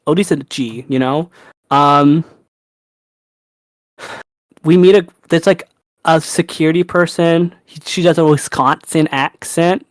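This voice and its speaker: Animated young man chatting. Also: a little high, measured pace, long pauses, dry recording. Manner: animated, swears freely, laughs often. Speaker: podcast co-host. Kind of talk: casual chat.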